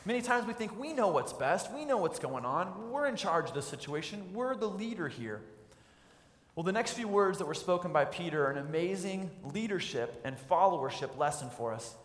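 A man's voice: high-pitched, very animated, normal speed. A man preaching a sermon as pastor, telling a scene vividly for his listeners. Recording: echoey hall with long reverb.

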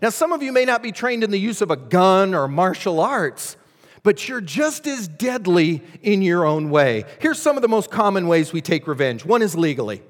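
A man's voice: sits high, big pitch swings, moderate pace. A man preaching a sermon as pastor, telling a Bible story with dramatic, varied delivery and acted voices. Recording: long hall reverb.

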